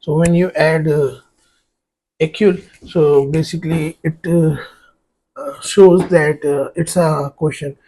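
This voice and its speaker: Male tutor, high for a man, very unhurried, explaining grammar slowly as he writes on a board. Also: steady tone, warm tone. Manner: explains step by step while writing on a board; spells words out letter by letter. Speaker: French tutor. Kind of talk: exam-prep grammar lesson.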